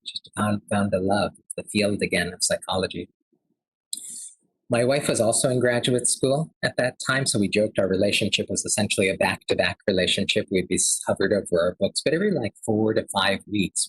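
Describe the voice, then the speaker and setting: A man's voice: low-pitched, slightly rough, no echo, rough recording. A man in his thirties giving an earnest, conversational lecture at a health forum, telling a personal story with frequent fillers.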